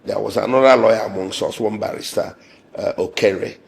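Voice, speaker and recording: Hoarse, gravelly man. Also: fairly low pitch. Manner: measured and indignant, with pauses and fillers. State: hoarse, losing his voice. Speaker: lawyer and interviewee. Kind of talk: interview recounting an ordeal.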